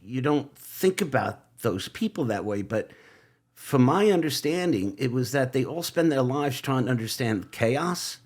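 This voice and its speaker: An older man, a guest writer and producer, telling animated stories in a relaxed interview, quoting people and laughing between lines. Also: mid-range voice. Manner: animated anecdotes with laughs and quoted asides. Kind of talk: relaxed storytelling in conversation.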